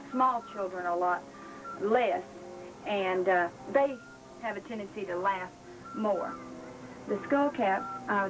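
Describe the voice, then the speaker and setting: A woman's voice: medium pitch, poor audio. A woman with a Southern accent teaching gospel clowning and balloon twisting in a folksy, chatty way with many fillers. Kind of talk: casual instructional talk.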